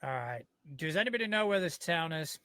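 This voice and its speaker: Bright-voiced man player, brisk and direct. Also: fairly high pitch, very animated, dry recording. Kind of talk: casual tabletop play.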